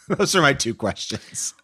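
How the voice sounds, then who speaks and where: A man's voice: mid-range voice, very animated, slow pace, sharp tone, husky. A man co-hosting an advice podcast, chatting bluntly and with strong opinions. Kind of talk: casual chat.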